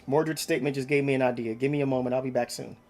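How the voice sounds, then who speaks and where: A man reading game dialogue aloud, voicing a grave, formal older male noble who speaks in measured, flowery sentences. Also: medium pitch, steady tone, a little mellow, faint music behind, lightly acted. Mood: calm. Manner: measured, formal, ornate speech.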